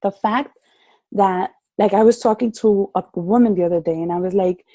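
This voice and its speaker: A woman's voice: medium pitch, fairly even intonation, brisk, warm tone, no echo, rough recording. A woman in her thirties giving a passionate motivational talk to her group members on a call, acting out conversations as she goes. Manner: passionate, preacherly, acts out dialogue. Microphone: call audio.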